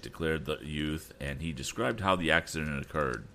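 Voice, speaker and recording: A man hosting a storytelling show, reading a classic novel aloud in a relaxed way with chatty asides. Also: extremely low pitch, normal speed, few pauses, slight background noise. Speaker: storytelling host.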